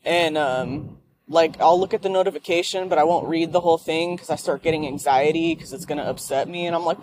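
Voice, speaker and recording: A woman's voice: on the low side, animated, brisk, few pauses, darkish tone, slight background noise. A woman ranting and swearing in a rambling monologue while she drives home. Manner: profane, ranting. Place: car.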